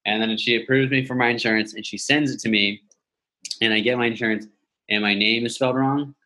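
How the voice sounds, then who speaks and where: Brief: man, podcast guest, bright, forward tone, middle pitch, animated storyteller on a call mic. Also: a little fast, low-quality recording. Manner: animated, swears freely. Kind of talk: casual storytelling chat. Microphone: device mic on a video call.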